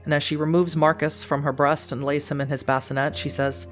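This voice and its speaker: Low-voiced woman narrating a tabletop game. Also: little pitch movement, faint music behind. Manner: descriptive, measured narration. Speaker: storyteller.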